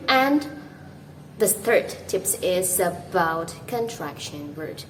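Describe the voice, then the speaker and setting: Slow, careful Indonesian woman teaching English. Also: on the low side, lively intonation, slight background noise, rough recording. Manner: slow, careful, demonstrates pronunciations. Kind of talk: scripted English lesson to camera.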